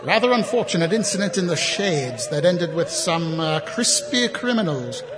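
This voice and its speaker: An actor playing a weary city watch captain with a dry, sarcastic way of talking. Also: male voice, on the high side, sing-song, moderate pace, background noise.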